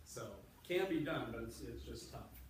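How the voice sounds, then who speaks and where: This animated, mid-range male voice belongs to an electrical engineer addressing a class of children as a guest in a school library, keeping things patient and easygoing despite many fillers and restarts. He talks at a moderate pace, recorded from a distance in an echoey room with noise behind him.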